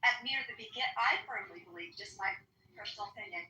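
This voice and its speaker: A woman's voice: medium pitch, fast talker, bright, forceful tone, recorded from a distance. A woman guest in a political talk chat, emphatic and hesitant with ums, recorded off-mic in an echoey room with faint noise.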